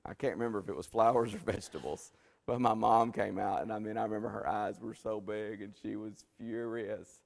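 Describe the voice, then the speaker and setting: A man's voice: fairly low pitch, steady tone, fairly quick, creaky. A man teaching a Bible study in a church, folksy and conversational with many restarts. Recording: long church hall reverb.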